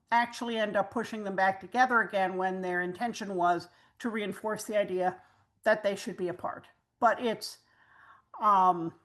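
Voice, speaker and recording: A woman's voice: medium pitch, a bit bright. A woman hosting a casual fan chat, explaining plot details at length. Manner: recaps plots at length, explanatory. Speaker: host.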